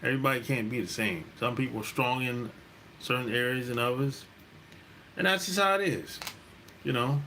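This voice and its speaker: A man hosting a dating-advice channel, talking in a relaxed, rambling monologue, repeating his points and laughing often. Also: mid-range voice, brisk, a little hiss or hum. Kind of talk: casual monologue.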